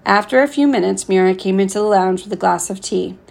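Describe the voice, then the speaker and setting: A woman narrating a novel chapter as an audiobook, with a gravelly edge and voicing the dialogue herself. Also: mid-range voice, a little fast, a little mellow. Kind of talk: scripted narration.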